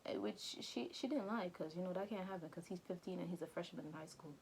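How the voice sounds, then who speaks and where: A woman vlogger casually retelling an anime film, chatty and slangy with quick asides to her viewers. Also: fairly low pitch, creaky, darkish tone, slight background noise. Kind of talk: casual movie recap commentary.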